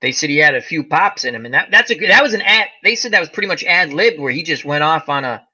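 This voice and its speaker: A man's voice: on the high side, quick pace, slightly rough. A man hosting a casual chat, telling stories animatedly and acting out the quotes. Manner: animated storyteller, acts out quotes. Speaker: host.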